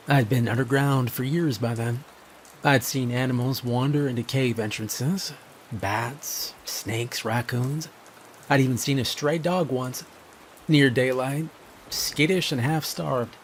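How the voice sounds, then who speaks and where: Slow, grave male horror narrator. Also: mid-range voice, slight background noise. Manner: measured and grave. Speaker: storyteller.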